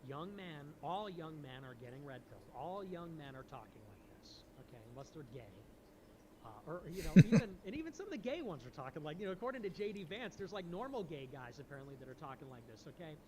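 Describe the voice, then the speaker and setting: A man giving an animated, preachy monologue, often pressing his point with "okay?". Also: fairly high pitch, fast. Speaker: political streamer in a played clip. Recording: noisy clip recording.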